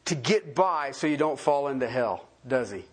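A man's voice: medium pitch, normal speed, husky. A man preaching a sermon, full of questions put to his listeners. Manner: animated, asks the congregation many questions. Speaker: pastor.

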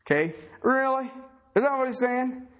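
A man's voice: very high voice, expressive, normal speed, fairly bright tone. A man preaching a sermon, talking conversationally and emphatically and firing rhetorical questions at the congregation.

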